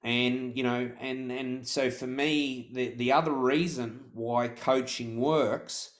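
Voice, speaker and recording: A man's voice: medium pitch, fairly even intonation, slow. A middle-aged man, a podcast guest telling a story in conversation, full of restarts and repeated words.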